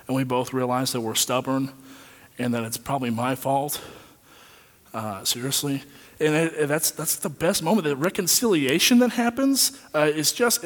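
A man preaching a sermon in an earnest way, repeating phrases for emphasis and swinging between loud and quiet. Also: medium pitch. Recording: long reverb of a large hall.

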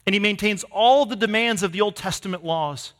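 Male pastor, high bright voice, emphatic sermon delivery, long hall reverb. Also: brisk. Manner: emphatic preaching, swinging from loud to hushed.

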